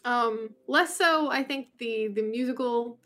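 A woman's voice: on the high side, unhurried, pushed and bright. A woman co-hosting a casual podcast chat, rambling and thinking aloud with many restarts. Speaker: podcast co-host.

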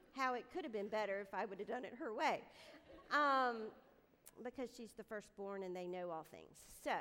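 Woman telling stories in a reverberant hall. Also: a little high. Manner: animated, self-deprecating storyteller. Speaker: speaker at a women's gathering. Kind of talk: storytelling devotional talk. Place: room with a live audience.

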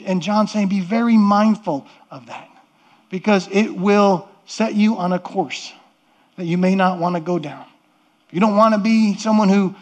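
A man's voice: high voice, a little mellow. A middle-aged man preaching a sermon as pastor, earnest and conversational, often repeating and restarting words.

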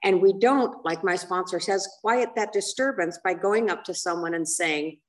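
A woman's voice: fairly low pitch, moderate pace. An older woman candidly telling her own story at a recovery meeting, rambling and self-mocking, with many fillers and asides. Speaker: speaker sharing at a recovery meeting. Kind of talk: candid personal testimony. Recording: voice picked up from a distance.

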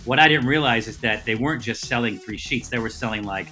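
A man's voice: medium pitch, soft background music. A middle-aged man, a comedian and TV host, telling a casual, rambling story as a podcast guest and correcting himself as he goes. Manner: lively, rambling storyteller with quick self-corrections.

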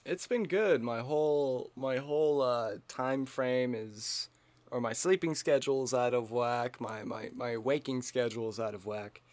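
A man's voice: medium pitch, unhurried, darkish tone, no echo. A man co-hosting a comedy podcast, joking around, riffing and talking over his co-host in casual chat.

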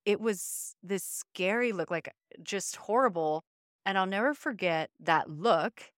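Woman, podcast co-host, emotional storytelling, clear tone, dry close sound. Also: mid-range voice, a little slow, dry recording. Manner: earnest, emotional, uses many fillers. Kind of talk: reflective conversational storytelling.

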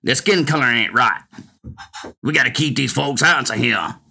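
A man's voice: mid-range voice, normal speed, vocal fry, pushed and bright, slightly rough, voice pushed down, full character voice. A man putting on a Mississippi accent to mock an old Southern segregationist lawman with a drawling, scornful way of talking and dialect grammar.

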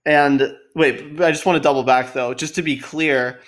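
A man's voice: on the high side, fairly even intonation, normal speed, a bit bright. A man co-hosting a film podcast, casually and animatedly retelling scenes. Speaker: podcast co-host.

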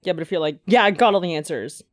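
A woman's voice: on the low side, fast talker, no room sound, clean studio sound. A young woman co-hosting a podcast, chatting casually, swearing and sharing trivia. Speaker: podcast co-host. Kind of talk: casual chat. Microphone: close mic.

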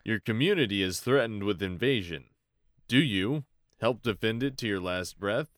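A man's voice: lowish voice, lively intonation, normal speed, no echo, clean studio sound. A man co-hosting a casual podcast, laid-back and swearing casually as he answers quiz questions. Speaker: podcast co-host. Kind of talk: casual chat.

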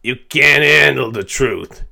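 A man's voice: mid-range voice, takes it slowly, creaky, bright, forceful tone, exaggerated voice. An Irishman doing a drawling, menacing film-star impression. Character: gruff intense older male film star.

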